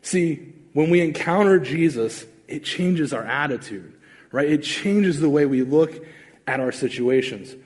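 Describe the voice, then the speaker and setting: Pastor, male, lively storytelling sermon delivery, slightly higher voice, echo of a large hall. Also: unhurried. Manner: animated, conversational, acts out quotes. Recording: long reverb of a large hall.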